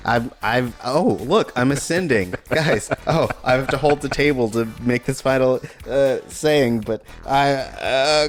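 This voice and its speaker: A man's voice: mid-range voice, unhurried, few pauses, soft background music. A man co-hosting a podcast, upbeat and chatty, signing off the show. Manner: upbeat, chatty, laughs easily. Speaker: podcast co-host. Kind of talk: casual chat.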